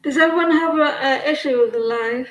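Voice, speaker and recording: A woman's voice: sits high, fairly quick, fairly bright tone, echoey room, rough recording. A woman giving tarot readings on a casual livestream, chatting in a rambling way and often breaking off mid-sentence. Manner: rambling, chatty, self-interrupting. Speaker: tarot reader.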